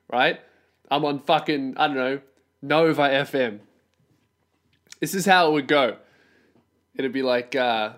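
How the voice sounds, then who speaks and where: A young Australian man hosting a solo podcast from his bedroom, ranting loudly and swearing as he mocks his targets. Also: fairly high pitch. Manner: profane, mocking, loud ranting. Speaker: podcast host.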